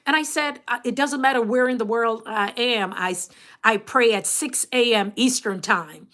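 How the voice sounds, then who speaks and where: A woman with a Jamaican accent hosts a casual livestream, talking in a fairly high voice. She is chatty and animated, laughs often and greets viewers by name as they drop in. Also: normal speed. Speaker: YouTube coach and livestream host.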